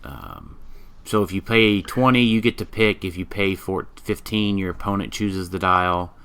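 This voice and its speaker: A man co-hosting a podcast, reviewing game pieces in casual chat, halting and full of ums, a bit tired. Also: sits low, steady tone, a bit bright, clear, resonant tone. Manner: halting, many ums, reads card stats aloud. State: yawning, tired. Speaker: podcast co-host.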